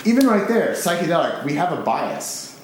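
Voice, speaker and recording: A man from the United States, giving a live public lecture in an excitable, animated, casually profane way. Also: a little high, moderate pace, a little hiss or hum. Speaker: speaker giving a public talk. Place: large concert hall with an audience. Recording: very echoey live hall recording.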